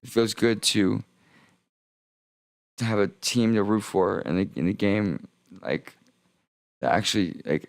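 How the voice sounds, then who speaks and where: A young man streaming a rambling, profane monologue with heavy vocal fry, often stopping and restarting mid-sentence. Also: on the low side, no room sound. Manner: rambling, profane, self-interrupting.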